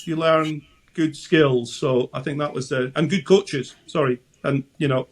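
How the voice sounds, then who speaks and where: Brief: Scottish man in his sixties, interview guest spinning chatty stories, restarts often, slightly high voice. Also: fairly even intonation, a little slow. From Scotland. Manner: chatty anecdotal storyteller, frequent restarts. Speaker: guest, former goalkeeper. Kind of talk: casual interview chat.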